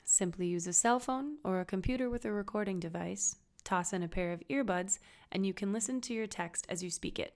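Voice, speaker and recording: A woman's voice: medium pitch, a little fast, a little mellow. A woman teaching acting basics in an upbeat, encouraging, conversational scripted narration.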